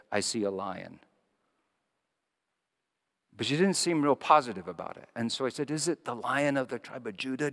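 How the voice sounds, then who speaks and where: A male pastor preaching a sermon, telling stories and moving between hushed, quiet passages and lively, raised ones. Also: medium pitch, big-room sound. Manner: storytelling, shifting between hushed and animated.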